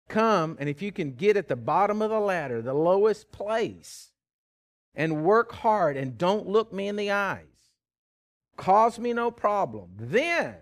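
A man voicing a stern, scornful father who scolds his wayward son in a drawn-out, mocking way. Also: high-pitched, heavily acted.

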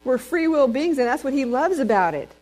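A woman preaching a sermon in a slightly high voice. She tells stories with energy, acts out what people said and puts questions to the congregation. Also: a little fast, rough recording. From Texas. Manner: lively storyteller who acts out quotes and asks the congregation questions. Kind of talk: storytelling sermon.

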